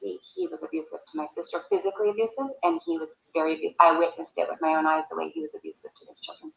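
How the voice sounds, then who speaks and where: A woman recalling family events in a recorded interview, speaking haltingly. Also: fairly low pitch, big pitch swings, vocal fry, fairly bright tone. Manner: halting, hesitant recollection. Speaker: interviewee, sister of the subject. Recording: echoey room.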